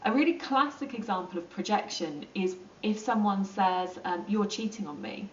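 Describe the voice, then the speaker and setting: A woman explaining psychology in a relaxed, chatty lesson, with plenty of ums and acted-out asides. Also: mid-range voice, moderate pace, a little hiss or hum. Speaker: psychology teacher. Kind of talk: informal lesson explaining to camera. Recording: roomy, distant and dull.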